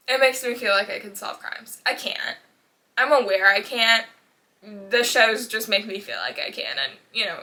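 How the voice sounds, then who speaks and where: A woman's voice: a little high, bright, forceful tone. A young woman vlogging in casual chat, talking animatedly with dramatic rants and laughs.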